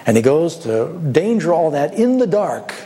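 A man's voice: fairly high pitch, sing-song, normal speed, dark tone. Storytelling preacher man, rhetorical questions. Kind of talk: sermon.

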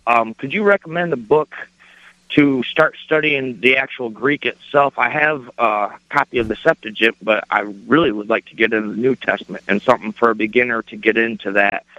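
A man's voice: medium pitch, fairly quick, bright, forceful tone, dry recording. A man calling in to a radio show, asking a question in a hesitant way with lots of ums. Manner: hesitant, many fillers. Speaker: caller. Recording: dull phone-in line.

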